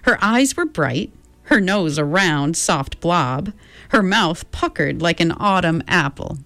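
A woman narrating an audiobook with expressive, steady storytelling. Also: fairly low pitch, takes it slowly, no echo. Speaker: reader.

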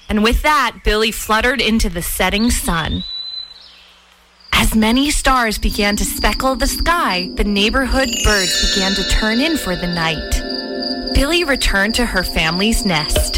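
A woman narrating a children's storybook in an expressive, sing-song way. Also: mid-range voice, unhurried, poor audio. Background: soft music.

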